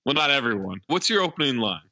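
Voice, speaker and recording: A man with a bright, lively voice co-hosts a casual film podcast, laughing often through the banter. The sound is dry and a little dull, with no room around it. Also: mid-range voice, fast, dry recording. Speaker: podcast co-host. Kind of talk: casual film review chat.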